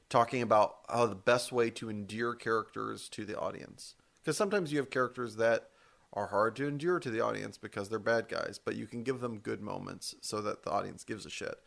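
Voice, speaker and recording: A man's voice: lowish voice, gravelly, fairly bright tone. A man co-hosting a podcast in casual chat, rambling and correcting himself as he goes, with the odd casual swear. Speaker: podcast co-host.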